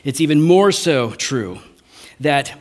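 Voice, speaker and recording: Conversational male preacher, slightly high voice. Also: expressive, takes it slowly, a little mellow. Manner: conversational, frequent "right?" tags. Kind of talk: sermon.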